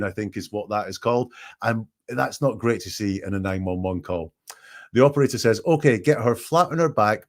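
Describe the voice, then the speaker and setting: A man's voice: on the low side, a little mellow. A man hosting, analyzing a recorded call with emphatic, questioning commentary. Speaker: statement analyst host.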